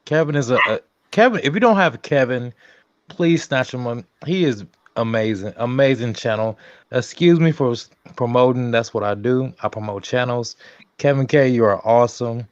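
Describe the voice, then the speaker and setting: A man chatting enthusiastically as a guest on a live stream, quick to agree and praise others. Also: medium pitch, no room sound, dull audio. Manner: enthusiastic, says amen and agrees often. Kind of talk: casual live stream chat.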